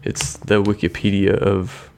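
A man talks in a loose, meandering podcast conversation, often trailing off and restarting his sentences. His voice sits a little low and has a gravelly edge. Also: monotone, a little slow, a little mellow. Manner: hesitant, many restarts and "I don't know". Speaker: podcast co-host. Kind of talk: casual chat.

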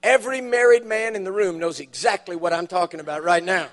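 High-voiced man preaching a sermon. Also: fairly quick. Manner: storytelling with dramatic punchlines, emphatic rises. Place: church auditorium.

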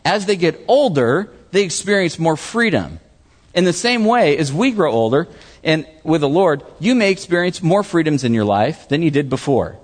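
A man preaches with a lively voice that rises and falls a great deal, asking the listeners questions and voicing the people in his stories. His voice carries a long reverb from the hall he speaks in. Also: a little high, normal speed. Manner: animated preaching with questions to the audience, acts out voices. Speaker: pastor. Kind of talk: sermon.

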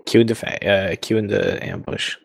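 A man hosting a casual gaming podcast, reacting in an excitable way and swearing often. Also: lowish voice, vocal fry, slightly rough. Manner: excitable, profane, quick reactions. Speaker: podcast host.

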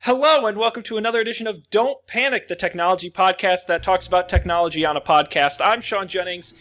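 A man hosting a tech podcast, giving a brisk, jokey intro and then chatting casually with his co-hosts. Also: high voice, fairly bright tone, faint music behind. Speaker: podcast host.

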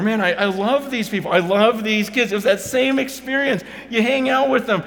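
A middle-aged man giving a passionate Christian testimony, stumbling over restarts and swinging from loud bursts to hushed murmurs. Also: sits high. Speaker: Christian speaker. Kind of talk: personal testimony talk. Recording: long hall reverb, faint noise.

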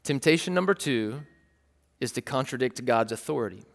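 A man's voice: mid-range voice, lively intonation, normal speed, vocal fry. A man preaching a sermon as a pastor, talking in a conversational, explanatory way with frequent "like" and restarts. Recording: long hall reverb.

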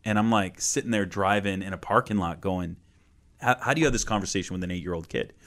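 A man in his thirties, a guest minister, sharing a personal story in an earnest, heartfelt way that often drops to a hushed tone. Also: low voice, quick pace. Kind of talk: conversational storytelling.

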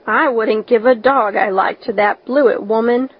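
Shy soft-spoken old farmer guy, read by a woman, plain country talk, storybook, muffled lo-fi audio. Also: a little high, moderate pace, husky. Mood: gentle. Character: shy, gentle older farmer man. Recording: dull lo-fi recording.

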